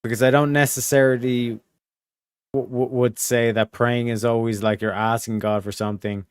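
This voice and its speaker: A man's voice: medium pitch, flat delivery, moderate pace, clear, resonant tone, dry recording, studio quality. A man hosting a casual stream chat, rambling with many fillers and restarts over a video call. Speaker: streamer host.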